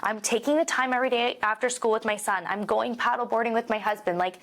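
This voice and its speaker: A woman's voice: a little high, fast, fairly bright tone. A woman in her thirties, a realtor guest on a podcast, talking openly and emotionally in a casual conversation, with plenty of "like" and the odd swear word. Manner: open, emotional, peppers speech with "like" and swearing.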